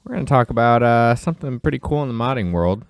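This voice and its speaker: Deep gravelly male co-host, lively inflection, dry banter. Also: quick pace, no echo. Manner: dry banter, leads news topics. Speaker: livestream co-host. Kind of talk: casual tech chat.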